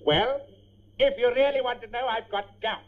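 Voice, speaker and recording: A man's voice: very high-pitched, moderate pace. A man in a candid radio comedy sketch, grumbling and ranting in a complaining way. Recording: dull old radio recording with faint hiss.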